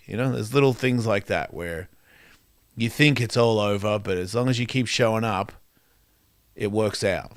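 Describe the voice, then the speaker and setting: A man's voice: lowish voice, moderate pace, no echo, studio quality. A man hosting a radio talk show, musing candidly in a rambling way with lots of fillers and restarts. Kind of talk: reflective casual monologue.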